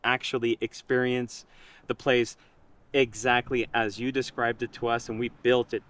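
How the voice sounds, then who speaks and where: A man in casual conversation, telling a story in an animated way and quoting himself and others. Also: medium pitch, moderate pace, no room sound. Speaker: project creator.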